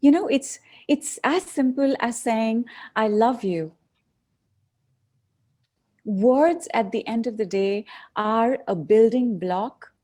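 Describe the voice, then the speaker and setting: A woman giving a reflective talk, speaking in a measured, thoughtful way. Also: a little high, mellow.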